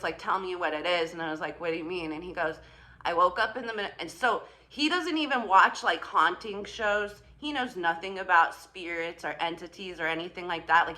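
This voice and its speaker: A woman's voice: on the low side, bright, forceful tone. A woman vlogger casually telling a story to her viewers, chatty and swearing, often quoting her partner and laughing. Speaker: spiritual vlogger.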